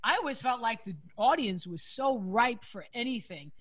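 A woman's voice: fairly high pitch, animated, moderate pace, no echo. A woman hosting a comedy talk show, rambling through her thoughts in casual chat. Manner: rambling, restarts thoughts often. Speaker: host.

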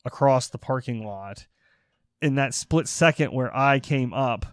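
A man co-hosting a comedy podcast, telling a story in a casual, animated way, laughing and swearing as he goes. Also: mid-range voice, a little slow, no room sound, clean studio sound. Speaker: podcast co-host.

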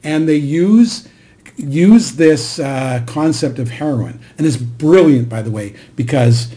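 Mellow-voiced man retelling a story, middle-aged. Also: on the high side, slow pace. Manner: animated storyteller, acts out quoted lines. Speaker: podcast co-host. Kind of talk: casual conversation, retelling a show scene.

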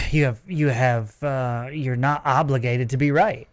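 A man co-hosting a morning sports talk show, giving measured, opinionated replies in casual chat. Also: medium pitch, steady tone, no room sound. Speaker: sports radio co-host.

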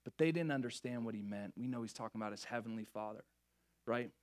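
A young man preaching a sermon, lively and joking with the crowd, often stumbling over and restarting his words. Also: medium pitch, fast talker. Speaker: pastor.

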